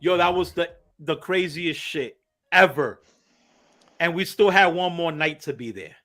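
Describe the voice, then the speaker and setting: A man, a podcast host, telling a story in casual chat, animated and swearing a lot, acting out quotes loudly. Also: on the high side, a little slow, faint music behind.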